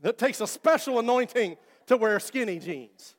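A man preaches in a high, lively voice that swings up and down a lot. He talks to his congregation in a conversational, joking way, and his voice rings with the long reverb of a church hall. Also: moderate pace, few pauses. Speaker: pastor. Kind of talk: sermon. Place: church sanctuary.

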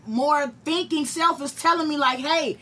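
A young adult woman telling a profane, animated story to friends and acting out the quotes. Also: high voice, measured pace, a little hiss or hum.

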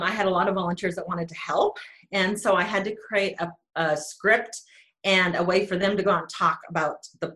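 A woman's voice: fairly low pitch, fairly bright tone. A woman from North Dakota, a podcast guest, telling her story in casual chat, chatty and self-deprecating.

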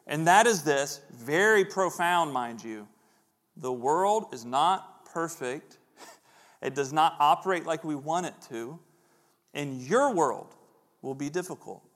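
Conversational preacher, fairly high voice. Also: male voice. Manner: conversational, acts out voices in quotes. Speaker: pastor. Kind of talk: sermon.

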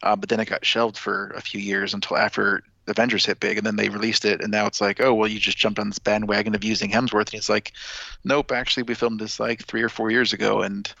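A man in a casual podcast with a gravelly, tense edge and a flat, monotone delivery. He is recorded dry through a dull, lo-fi mic. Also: on the low side, quick pace, no echo. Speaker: podcast co-host.

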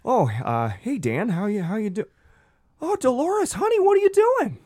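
A man's voice: very high-pitched, sing-song, moderate pace, darkish tone, no room sound, studio quality, pitched above the performer's own voice, heavily acted. A flustered, fussy middle-aged man, as a game master puts him on, stammering and doting. The voice sits well above his usual talk and keeps fluttering up and down.

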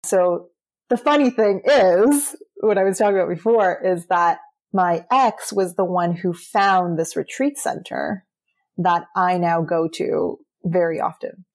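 A young woman with a slightly low voice talks candidly as an interview guest. She is earnest and chatty, with frequent "like" fillers, and her pitch sits a little under the usual range. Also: unhurried, darkish tone. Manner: chatty, earnest, says "like" often. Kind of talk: candid personal storytelling.

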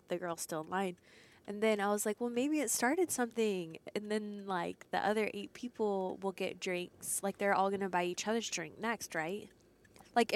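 A woman co-hosting a casual podcast from a car, joking around and laughing often. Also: mid-range voice. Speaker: podcast co-host. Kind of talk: casual chat. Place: in a parked car.

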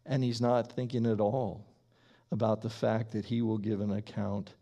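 A man preaching a sermon, slow and emphatic, with deliberate pauses between phrases. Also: fairly low pitch, level tone, mellow. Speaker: pastor.

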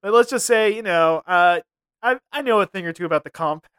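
A man with a fairly high, smooth voice co-hosts a casual podcast. He jokes and laughs often and keeps throwing in quick asides. The sound is close and dry, with no room echo. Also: fairly bright tone. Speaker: podcast co-host.

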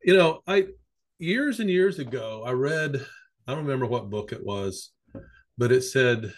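A man's voice: mid-range voice, unhurried. A middle-aged man, a psychotherapist, telling long anecdotes in a casual conversation. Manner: rambling storyteller, lively anecdotes. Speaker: psychotherapist guest.

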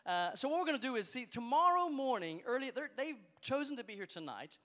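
Man, youth pastor, crowd hype-man energy; fast, sharp, bright voice with hall reverb. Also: very high voice, big pitch swings. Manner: upbeat, playful, joking with the audience. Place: large hall with a live youth audience.

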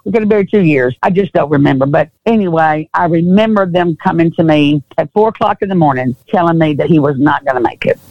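A woman's voice: low voice, quick pace, few pauses, dry recording, dull audio. A woman with a Southern US accent, an interview guest telling a personal story in earnest, acting out what people said and often repeating herself.

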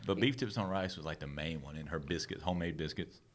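A man's voice: rumbling low, fast talker. A man hosting a casual chat, laid-back and joking, swearing freely. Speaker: host.

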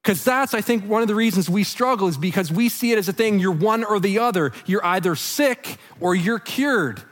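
Earnest high-voiced male preacher. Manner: earnest, conversational, frequent "um" and "like"; drops soft and low on heavy lines. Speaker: pastor. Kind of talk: sermon.

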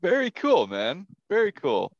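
Lively male guest, dry lo-fi sound. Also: high-pitched, a little slow, no echo. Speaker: podcast guest. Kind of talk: casual chat.

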